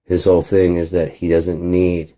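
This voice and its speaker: A man's voice: low-pitched, completely flat delivery, moderate pace, dark tone. A man rambling in a casual monologue, profane, acting out both sides of imagined conversations. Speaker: channel host.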